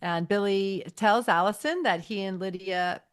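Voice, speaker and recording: A woman co-hosts a podcast, chatting casually as she recaps an episode and acts out lines from its scenes. Her medium-pitched voice is smooth and unhurried.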